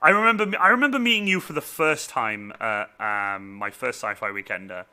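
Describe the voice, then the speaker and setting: A man's voice: medium pitch, brisk, bright, forceful tone, clear, resonant tone. A man hosting a casual chat, rambling with many fillers and restarts. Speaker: host.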